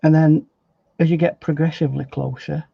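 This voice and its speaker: A man talks through a painting demo in a slightly high voice, musing aloud with little repeats as he goes. The recording is dry and a little dull, with no room echo. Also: little pitch movement, fairly quick, gravelly, husky. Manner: chatty, thinking aloud with fillers and repeats. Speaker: painting instructor. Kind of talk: relaxed painting demonstration.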